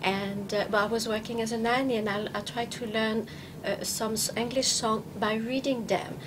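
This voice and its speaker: A woman's voice: fairly high pitch, steady tone, normal speed. French woman comic, playful and hesitant. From France. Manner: playful, laughs often, hesitant with fillers. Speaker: stand-up comedian, guest. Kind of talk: casual interview chat. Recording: noticeable background noise.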